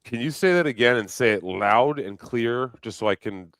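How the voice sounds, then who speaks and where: A man hosting a live show, talking casually, excitable and teasing, putting on mock alarm. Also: medium pitch, normal speed, dry recording, clean studio sound. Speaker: livestream host.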